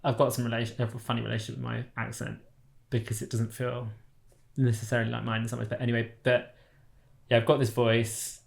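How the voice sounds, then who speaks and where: A man's voice: mid-range voice, level tone, a little fast, creaky. A man with a posh English accent in a thoughtful, reflective conversation, often restarting sentences as he thinks aloud. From England. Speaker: artist and interviewer.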